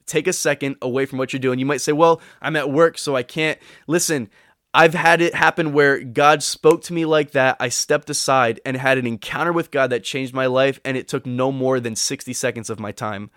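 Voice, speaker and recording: A man's voice: mid-range voice, fairly even intonation, a little fast, a bit bright, no room sound, studio quality. A man giving devotional teaching in an earnest, encouraging way, sometimes acting out the voices he quotes. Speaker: podcast teacher.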